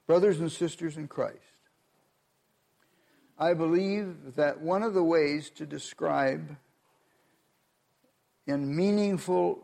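A male pastor delivering a sermon in a slow, deliberate cadence. His voice carries a gravelly edge and sits a little higher than most men's. He reads scripture and presses his points with earnest emphasis. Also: darkish tone. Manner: earnest, measured preaching with emphatic rises.

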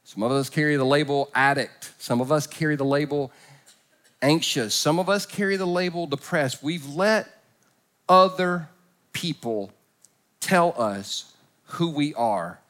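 Storytelling male pastor, higher voice. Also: a little slow. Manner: storytelling with comic impressions, swings from soft to loud. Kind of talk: humorous sermon. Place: church service.

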